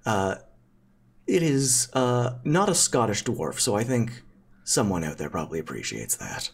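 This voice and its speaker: A man's voice: lowish voice, sing-song, unhurried, vocal fry, breathy edge. A man narrating a tabletop game as game master, in a playful, loose style with many fillers.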